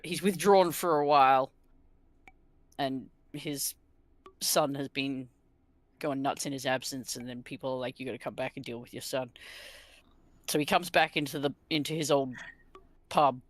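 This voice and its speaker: Dry-voiced animated storyteller. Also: mid-range voice, dry recording. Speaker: co-host of a game stream. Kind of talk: casual chat while gaming.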